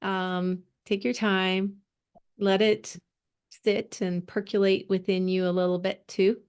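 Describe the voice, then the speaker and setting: A woman's voice: medium pitch, flat delivery, takes it slowly, darkish tone, smooth. A woman leading a group coaching call over video, encouraging and laughing often. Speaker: course coach.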